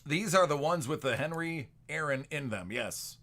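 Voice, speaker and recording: A man with a gravelly, somewhat raised voice and a bright, forceful edge hosts a card break livestream. He keeps up loose, joking banter with the people watching. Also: fairly high pitch, expressive, normal speed. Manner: chatty, joking banter with viewers. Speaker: sports card break host. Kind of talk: casual livestream chat.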